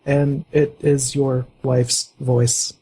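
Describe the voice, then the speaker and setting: Gravelly, husky man running a tabletop game. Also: medium pitch, flat delivery, dark tone, low-quality recording. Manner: halting, many fillers, voices NPCs lightly. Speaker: game master.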